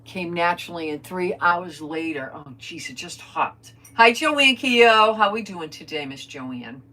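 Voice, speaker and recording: A woman's voice: fairly low pitch, expressive, measured pace, sharp tone. An older woman chatting casually while she crafts on a livestream, rambling about family news and greeting viewers by name. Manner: chatty, rambling, reads viewer comments aloud.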